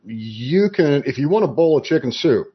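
A man as a podcast guest, explaining his approach in a measured, conversational way. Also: medium pitch, animated, husky, highs cut off.

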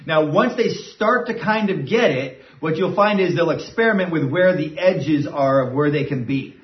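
A man's voice: a little high, expressive, moderate pace. A man who trains dogs gives a casual, step-by-step lesson and often checks in with "right?". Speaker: dog trainer. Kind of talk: instructional talk. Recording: dull, roomy sound from a distant mic.

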